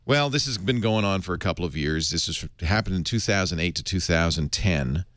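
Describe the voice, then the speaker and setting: A middle-aged man hosting a tech show, his low voice swinging widely in pitch as he riffs wryly on the news. The sound is dry and close, with no room around it. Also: fairly quick, dry recording. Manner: wry, animated, slips into comic voices. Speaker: podcast host. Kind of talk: casual tech news chat.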